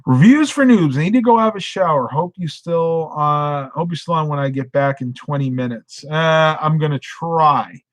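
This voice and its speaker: A man's voice: on the high side, normal speed, few pauses, fairly bright tone, dry recording. A sleepy middle-aged man chatting casually on a live stream, rambling and reading viewer comments aloud. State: sleepy, yawning.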